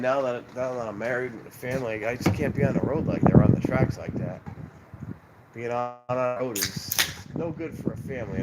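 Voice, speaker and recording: A man with a stuffy, nasal voice chats in a loose, rambling way, greeting viewers by name as he hosts a live stream. He speaks at a medium pitch into a phone held in his hand outdoors, and clear outdoor noise runs behind him. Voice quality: nasal, congested. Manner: rambling, chatty, reads comments aloud. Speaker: live streamer, train-watching channel host. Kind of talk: casual live-stream chat. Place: outdoors by railroad tracks at night.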